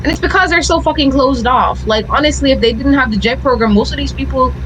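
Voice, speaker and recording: A woman's voice: high voice, fast talker, low-quality recording. A young Jamaican woman with a slightly raised voice talks casually about her teaching job. She tells stories with lots of swearing. A faint hum sits behind her. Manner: animated storyteller, swears freely, mimics others. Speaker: English teacher in Japan. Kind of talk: casual podcast chat.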